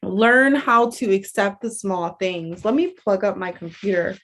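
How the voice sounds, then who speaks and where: A woman's voice: mid-range voice, a little slow, a bit bright. Woman, coach, casual chatty talk, rambling, lots of fillers.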